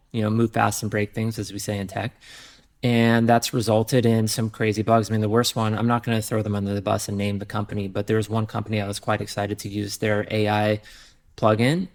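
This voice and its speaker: A man, a software founder, talking candidly in a podcast interview, rambling with many fillers and restarts. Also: on the low side.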